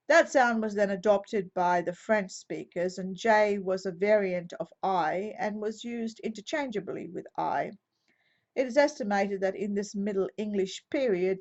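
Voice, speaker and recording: A woman Bible teacher giving an explanatory teaching talk, methodical and measured, now and then correcting herself mid-sentence, on a slightly dull lo-fi recording. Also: mid-range voice, a little mellow.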